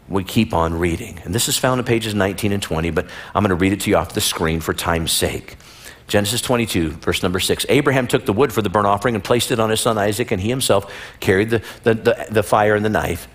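A middle-aged male pastor preaching a sermon in a church, reading scripture and acting out the story in playful voices. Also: lowish voice.

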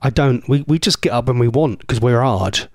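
A man's voice: mid-range voice, moderate pace, a little mellow, no room sound, clean studio sound. A man presenting a radio show, chatting casually and teasing listeners in a rambling way. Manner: chatty, teasing, rambling with mock-posh asides. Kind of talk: casual chat with listener messages.

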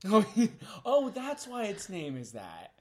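A man's voice: sits high, huge pitch swings, slow. A man co-hosting a casual chat show, joking around and laughing often. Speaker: podcast co-host.

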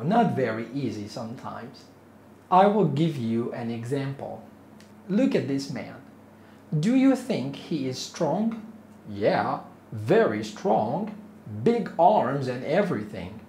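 Slow, patient male English teacher. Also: on the high side, dark tone. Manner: slow, patient, repeats each phrase. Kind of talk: slow repeat-after-me English lesson. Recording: echoey room with faint noise.

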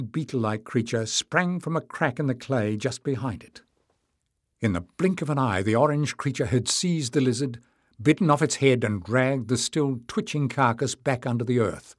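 A man narrating an audiobook in a measured storytelling manner. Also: medium pitch, dry recording, studio quality. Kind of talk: scripted narration.

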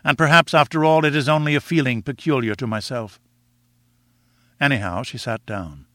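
Man, audiobook narrator, measured, reflective, mid pitch, dry sound. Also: bright, forceful tone, dry recording. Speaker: audiobook reader. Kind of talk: scripted narration.

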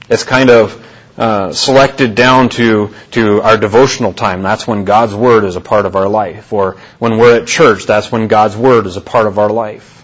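A man's voice: lowish voice, slightly rough, dull audio. A man preaching a sermon to his congregation, in an earnest manner, often repeating and restarting his phrases and asking questions. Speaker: pastor. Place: church.

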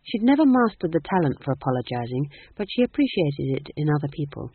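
An audiobook narrator reading a comic fantasy tale in a lively, expressive way. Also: mid-range voice, fast, slightly rough, dry recording, phone-quality sound.

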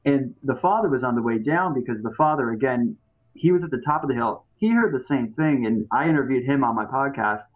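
A man's voice: mid-range voice, fairly quick. Male podcast guest, rambling storyteller with fillers, tinny phone-like audio. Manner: rambling, many fillers and restarts. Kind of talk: casual storytelling.

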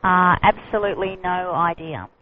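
A woman's voice: fairly low pitch, moderate pace. A woman answering the phone as a receptionist, polite and businesslike. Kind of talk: phone call. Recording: tinny phone line, hiss.

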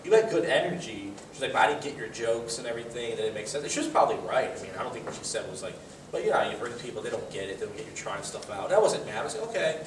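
A male comedian in casual chat, telling rambling stories with quick laughs. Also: mid-range voice, animated. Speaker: comedian, podcast host. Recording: echoey room, mic at a distance, faint noise.

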